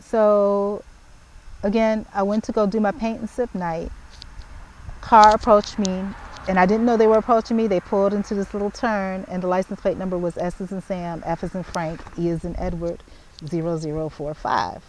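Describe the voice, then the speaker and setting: A woman, telling a story to the camera in casual chat, animated and repeating herself as she spells out details. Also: medium pitch, normal speed, a little hiss or hum, low-quality recording. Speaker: vlogger.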